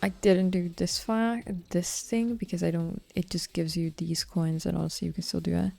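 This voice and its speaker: A woman streamer chats over her gameplay in a lowish, gravelly voice. She thinks out loud in a relaxed, offhand way, swearing now and then. Her tone is dark and mellow. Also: normal speed. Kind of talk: live-stream gameplay commentary.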